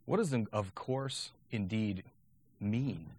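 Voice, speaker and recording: A man's voice: fairly low pitch, slow, darkish tone. A man giving a lecture on teaching Latin, talking conversationally and often checking in with "okay?".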